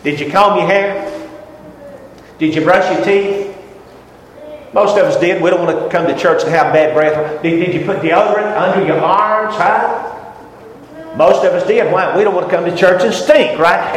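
At a moderate pace, a fifties-aged pastor with a high voice preaches a folksy, emphatic sermon, pitching upward whenever he exclaims. Long reverb and faint room ambience reveal a roomy church sanctuary.

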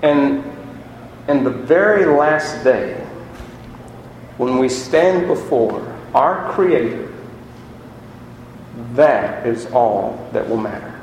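Preacher in an echoing hall. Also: male voice, mid-range voice, drawn-out words, long pauses, a little hiss or hum. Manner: lively, conversational preaching with rhetorical questions. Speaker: pastor. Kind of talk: sermon. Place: church sanctuary. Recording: echoey hall.

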